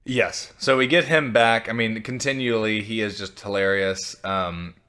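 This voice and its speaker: A man's voice: on the low side, fairly even intonation, measured pace, sharp tone. A man co-hosting a podcast, bantering loosely and jokingly with his co-host. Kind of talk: casual chat.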